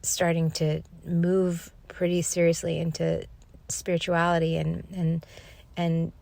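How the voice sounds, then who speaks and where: Lady podcaster telling a spiritual story, kinda low and gravelly, earnest. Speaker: podcast host.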